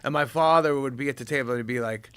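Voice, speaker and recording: A man, a comedian, telling profane, animated stories in casual podcast chat and acting out old conversations. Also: medium pitch, fast, clear, resonant tone, dry recording. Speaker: comedian guest.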